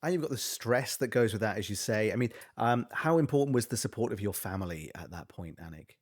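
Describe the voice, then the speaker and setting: A man asking interview questions in a soft, measured way. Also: fairly low pitch, animated.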